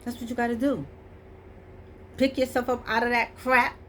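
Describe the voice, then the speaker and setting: A woman's voice: on the high side, flat delivery, normal speed, a bit bright, a little hiss or hum. A middle-aged woman giving a casual motivational talk, emphatic and repetitive, preaching about choices. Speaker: motivational vlogger.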